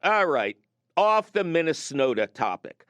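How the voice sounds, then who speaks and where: A man's voice: a little high, a little slow, clean tone, no echo. A middle-aged man hosting a call-in garden radio show, chatting and telling jokey stories. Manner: lively, jokey storyteller.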